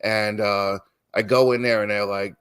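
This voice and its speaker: The guest is a middle-aged musician whose lowish voice stays steady at a normal speed, fairly bright, clear, and resonant. Chatting casually on a podcast, he tells meandering stories packed with restarts and quoted voices he performs.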